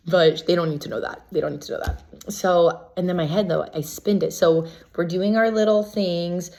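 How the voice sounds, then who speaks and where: A woman casually recapping events as a reality show contestant, chatty and full of "like" fillers, lively when she quotes others. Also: low voice, a little fast, gravelly. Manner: chatty, filler-heavy with constant "like"; gossipy and animated when quoting others.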